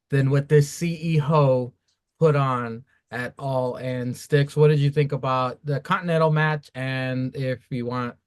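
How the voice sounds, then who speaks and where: A man hosts a podcast and recaps matches in a wry, casual way. His voice sits a bit high and sounds dry and close. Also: dry recording. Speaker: podcast host.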